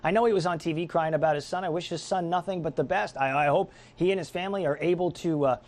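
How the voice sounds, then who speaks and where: A man's voice: a little high, fast, a little mellow. A middle-aged man hosting a political talk radio show, delivering a combative, sarcastic monologue.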